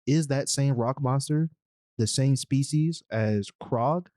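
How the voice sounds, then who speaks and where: A man's voice: medium pitch, slow, darkish tone, dry recording. A man co-hosting a podcast, casually retelling a movie plot in a rambling, slangy way. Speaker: podcast co-host. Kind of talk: casual movie recap chat.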